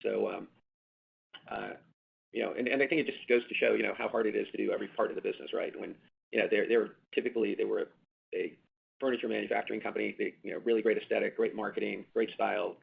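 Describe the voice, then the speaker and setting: A man's voice: on the low side, steady tone, fast talker, vocal fry, breathy edge. A man, a company executive, answering analysts on an earnings call, rambling with many fillers and restarts and hammering points through repetition. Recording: tinny phone line.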